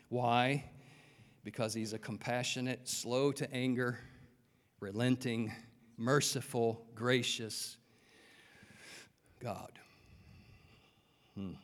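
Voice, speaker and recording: A man preaching a sermon in an earnest way, often putting rhetorical questions to his listeners. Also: fairly high pitch. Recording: long hall reverb.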